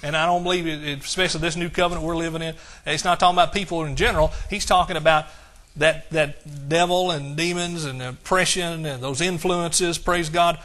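A male pastor preaching an exuberant sermon, shouting praise and reading scripture slowly and emphatically. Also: fairly high pitch, fairly even intonation.

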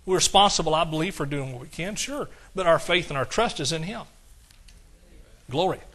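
A man's voice: fairly high pitch, lively intonation, brisk, fairly bright tone. An older man preaching a sermon with fervent, emotional delivery, often calling out to the congregation. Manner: emotional, fervent preaching with audience call-outs. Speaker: pastor.

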